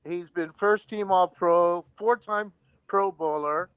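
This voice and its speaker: A man's voice: high-pitched, slow, clear, resonant tone, lo-fi sound. A man calling in to a sports talk show, eagerly rattling off player statistics in casual chat. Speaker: caller.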